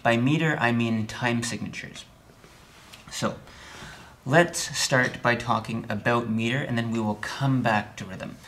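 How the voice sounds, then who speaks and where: A man's voice: mid-range voice, measured pace, slight background noise. Chatty male music theory instructor. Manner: chatty, wry, keeps checking in with "okay?"; speaks beat counts out loud with strong accents on downbeats. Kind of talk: recorded video lesson.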